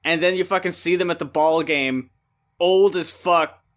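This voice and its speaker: A young man co-hosting a casual podcast chat, rambling and swearing, acting out scenes in quick voices. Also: a little high, steady tone, a bit bright. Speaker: podcast co-host.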